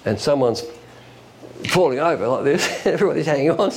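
Gravelly-voiced man preaching. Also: fairly high pitch, animated, a little hiss or hum. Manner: folksy, illustrative preaching with quick asides and chuckles. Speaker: pastor. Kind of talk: sermon.

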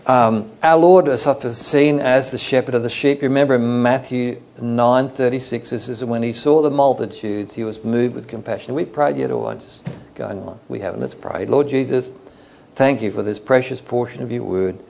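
A man from Australia preaching a Bible study in a loose, conversational way, pausing with fillers as he explains the text. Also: medium pitch, creaky, a little mellow.

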